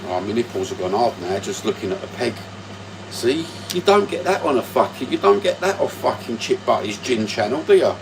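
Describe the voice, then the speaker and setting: A man's voice: medium pitch, sing-song, fairly quick, vocal fry, background noise. A man, hosting a casual livestream from home with crude, sweary banter into his phone. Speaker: livestream host.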